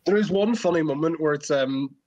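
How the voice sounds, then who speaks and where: A man's voice: fairly high pitch, a little fast, a little mellow, no room sound. A young man co-hosting a casual podcast, rambling through stories with laughs and swearing. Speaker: podcast co-host. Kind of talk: casual group chat. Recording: dull lo-fi mic.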